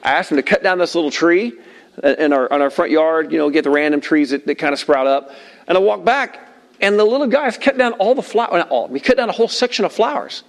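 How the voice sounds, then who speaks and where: Animated male pastor in a reverberant hall. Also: fairly high pitch, fast, vocal fry. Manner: animated, acting out voices and asides. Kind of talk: sermon.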